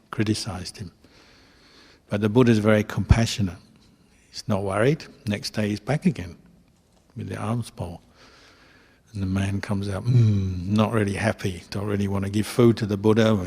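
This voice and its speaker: A man, a Buddhist monk, telling a teaching story at a retreat in simple, clipped, unhurried phrases. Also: lowish voice, creaky, a little mellow, breathy edge, in a large hall. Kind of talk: storytelling dharma talk. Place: retreat hall.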